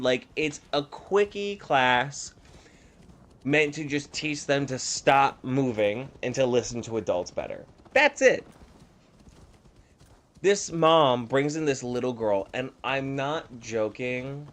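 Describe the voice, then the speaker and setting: A young man chats to his stream while gaming, spinning stories with a campy, animated flair and plenty of swearing. His voice sits at an ordinary middle pitch and moves freely between hushed asides and bursts of volume. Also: a little slow, a little hiss or hum. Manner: animated, campy, profane storyteller. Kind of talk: casual storytelling while gaming.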